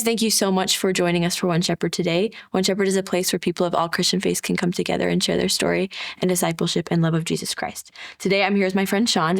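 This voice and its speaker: A woman's voice: fairly low pitch, creaky. A woman hosting a faith interview show, introducing her guest in a friendly, welcoming way. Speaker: host.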